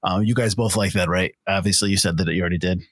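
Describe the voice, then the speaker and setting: A man's voice: low-pitched, steady tone, quick pace, no room sound, clean studio sound. A man co-hosting a casual film podcast, asking his guests long, rambling questions full of restarts. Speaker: podcast co-host.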